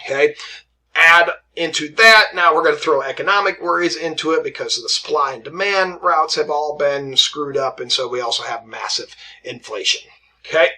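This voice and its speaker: A man's voice: on the high side, normal speed, sharp tone. A man teaching a history lesson in a conversational way, often checking in with "right?" and "okay?" and acting out quotes from historical figures. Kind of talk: classroom history lecture.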